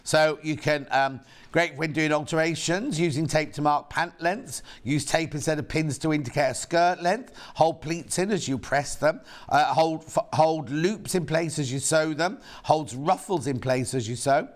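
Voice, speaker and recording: A man's voice: fairly high pitch, normal speed. A man presenting on a live TV shopping channel in a chatty, camp manner, with a British accent, reading out viewer messages between product details. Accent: British English. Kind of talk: live TV sales chat. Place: TV studio.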